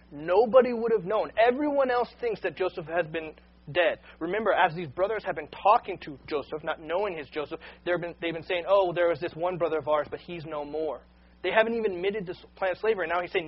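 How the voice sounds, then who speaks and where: A man's voice: high-pitched, a little fast, husky, dull audio. A man preaching a sermon, earnest and unscripted, often repeating words as he starts a sentence. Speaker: pastor.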